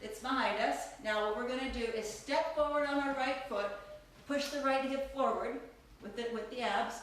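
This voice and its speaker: A woman's voice: sits high, moderate pace, slight background noise. A woman teaching a live online belly dance class, counting beats aloud and laughing often between steps. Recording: echoey room, distant from mic.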